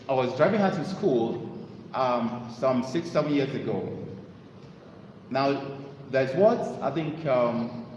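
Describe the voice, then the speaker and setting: Male motivational speaker, expressive storyteller and salesman, recorded far back in a roomy hall with faint ambience. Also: slight background noise. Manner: animated storytelling, sales pitch. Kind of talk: motivational talk to an audience. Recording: echoey hall with long reverb.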